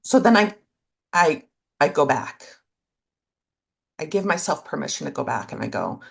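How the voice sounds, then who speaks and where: A middle-aged woman with a lowish voice and a gravelly edge co-hosts a podcast. She talks in a gentle, thoughtful way, in short reflective phrases. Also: big pitch swings, moderate pace, long pauses. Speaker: podcast co-host. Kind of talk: casual reflective conversation.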